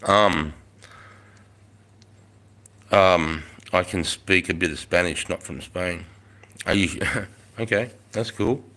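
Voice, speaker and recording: Low-voiced and slow, pausing often with a sharp tone, this Australian ex-soldier in his forties swaps army stories with viewers on a relaxed live stream. He's laid-back, reads chat aloud, and swears freely.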